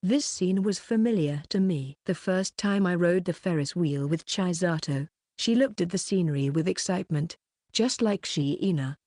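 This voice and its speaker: A woman reading a light novel audiobook as a narrator in a steady, even way. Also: fairly low pitch, normal speed, dry recording, clean studio sound.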